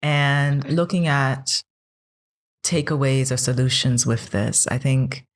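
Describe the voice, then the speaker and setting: A woman's voice: a bass voice, takes it slowly. A woman co-hosting a podcast in casual chat, giving short replies and then explaining at length. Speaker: podcast co-host.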